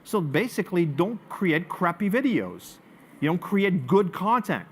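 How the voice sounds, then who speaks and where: A man with a French accent presents to a live audience. His voice sits a little on the high side, and he tells stories with animated swings between punchy emphasis and hushed asides. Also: measured pace, slightly rough. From France. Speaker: marketing speaker.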